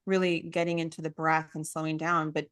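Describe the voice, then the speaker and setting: A woman in her forties hosting an interview, emotional and gushing, quick to cut in with her own stories. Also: low-pitched, little pitch movement, fairly bright tone, clear, resonant tone, dry recording, clean studio sound. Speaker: summit host. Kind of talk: casual interview chat.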